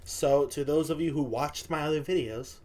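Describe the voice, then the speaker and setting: A man's voice: a little high, moderate pace, a little mellow. A man reacting casually to a comedy clip, laughing and using slang. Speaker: YouTube reaction host. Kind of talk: reaction commentary.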